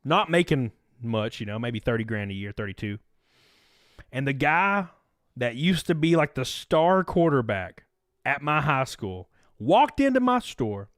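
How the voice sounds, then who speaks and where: Male streamer in his 30s, rambling and profane, with a lively, swooping delivery and a dry, close sound. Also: medium pitch, measured pace, dry recording. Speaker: livestream host. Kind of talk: casual storytelling to a live chat.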